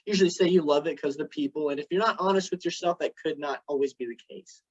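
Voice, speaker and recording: A man delivering a prepared club speech, telling stories with dramatic pauses. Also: fairly high pitch, slightly rough. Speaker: club speaker. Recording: dull lo-fi recording.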